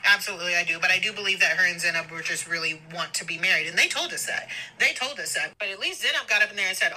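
A woman's voice: on the low side, lively intonation, fast, sharp tone, rough recording. Fired-up woman ranting on a voice memo. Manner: heated, profane, emphatic. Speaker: podcast guest sending voice notes. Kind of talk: ranting voice note. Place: stopped during a road trip. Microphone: phone voice memo.

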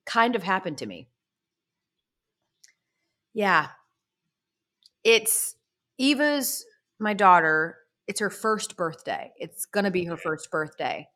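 A woman's voice: mid-range voice, bright, forceful tone. A woman in her thirties co-hosting a casual sports talk show, chatty, candid and exasperated. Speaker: co-host.

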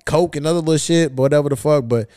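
A man's voice: a little high, fast talker, warm tone, clear, resonant tone, no room sound, clean studio sound. A podcast host telling a long, profane story in casual chat, acting out the people he quotes. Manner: profane, acts out quoted voices.

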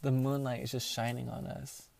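A man's voice: mid-range voice, level tone, normal speed, vocal fry, a little mellow, dry recording. Profane, rambling young man telling a story. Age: young adult. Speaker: podcast host. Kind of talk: candid storytelling monologue.

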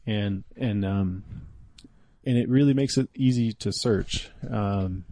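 A man's voice: on the low side, slow, warm tone, no room sound. A man in his forties, a podcast guest, talking casually and hesitantly, with many fillers and restarts. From US Pacific Northwest. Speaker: podcast guest, app developer. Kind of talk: casual chat.

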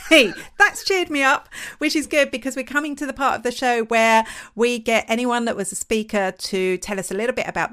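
A woman's voice: a little high, fairly bright tone. A woman co-hosting a podcast in casual chat, chatty and self-mocking. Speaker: podcast co-host.

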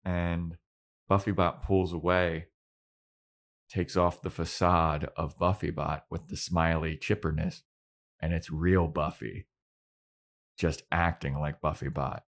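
A man co-hosting a casual podcast, recapping an episode with plenty of swearing and quick acted-out lines for the characters. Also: low voice, flat delivery. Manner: swearing, acts out characters' lines in loose voices. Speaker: podcast co-host.

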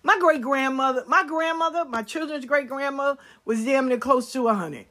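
Brief: woman vlogger, fairly high voice, swears freely, hammers points by repeating them. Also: normal speed, fairly bright tone. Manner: blunt, profane storytelling; emphatic repetition. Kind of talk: casual monologue to viewers.

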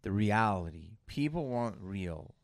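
A blunt, cursing man co-hosting a comedy podcast, with a gravelly, fry-edged voice sitting a little low. The sound is dry and close to the mic. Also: expressive, measured pace, no echo. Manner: blunt, profane, teasing. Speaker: podcast co-host. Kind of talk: casual comedy podcast chat.

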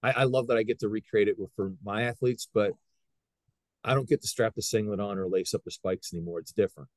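A middle-aged man, a high school wrestling coach, telling stories in a casual interview with lots of restarts. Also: fast, no echo. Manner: animated storyteller, frequent restarts.

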